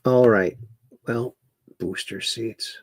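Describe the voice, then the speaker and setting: On a casual livestream, the host reads out viewer comments and chuckles as he pokes fun at the news. He speaks slowly in a fairly low voice, and there's no room sound.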